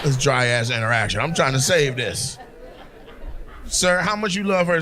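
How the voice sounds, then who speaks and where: A man's voice: medium pitch, animated, moderate pace, bright, forceful tone. A man doing teasing, profane crowd work as a stand-up comedian on a club stage. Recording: live show with crowd noise. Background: audience laughter.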